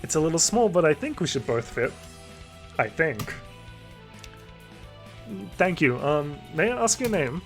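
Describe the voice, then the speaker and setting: A man's voice: a little high, sing-song, a little slow, pauses often, soft background music. A man hosting a let's play, reading a visual novel aloud with playful, self-mocking asides.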